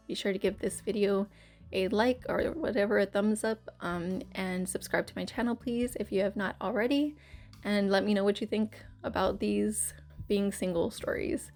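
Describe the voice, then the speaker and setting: A woman's voice: mid-range voice, a little mellow. A woman hosting her channel, rambling through a casual story-time chat with plenty of fillers and restarts. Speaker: YouTube channel host.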